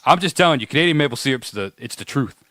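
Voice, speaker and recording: A man's voice: medium pitch, expressive, fast, a bit bright, no echo. A man with a New England accent co-hosting a podcast, telling stories in easygoing casual chat. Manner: easygoing storyteller. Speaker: podcast co-host.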